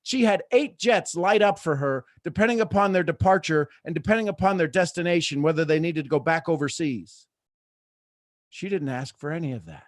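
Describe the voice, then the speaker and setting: Male motivational host, high voice, preachy, big swings in energy, dry booth sound. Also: fairly quick, no room sound. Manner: preachy, swings between soft asides and loud excited bursts. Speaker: host of a live morning motivational show.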